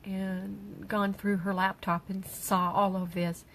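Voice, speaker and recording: A middle-aged woman, tearful, speaking haltingly on an emotional personal livestream as a grieving mother. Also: medium pitch, level tone, slight background noise, poor audio. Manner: halting, with pauses and restarts. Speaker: grieving mother sharing her daughter's story.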